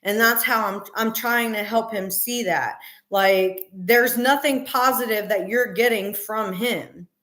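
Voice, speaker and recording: A woman's voice: medium pitch, a little slow, bright, forceful tone. A middle-aged woman hosting a casual live stream, talking earnestly and emphatically with many fillers. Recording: roomy echo.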